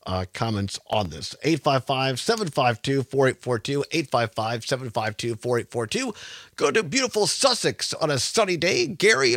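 A man's voice: mid-range voice, a bit bright, no echo. A man in his fifties hosting a call-in radio talk show, chatting with callers and reading local news aloud. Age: 50s. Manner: chatty, repeats phone number, reads news aloud.

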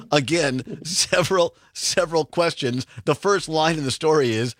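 A man's voice: fairly high pitch, slow pace, fairly bright tone, no echo, studio quality. A male radio host chatting casually, jokey, laughing often and leaning on "I mean" fillers.

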